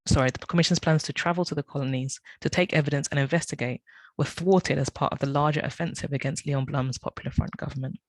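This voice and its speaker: An academic speaker with a somewhat high male voice reads a prepared talk from his notes, often stumbling, correcting himself, and apologizing. The recording is dry and rough.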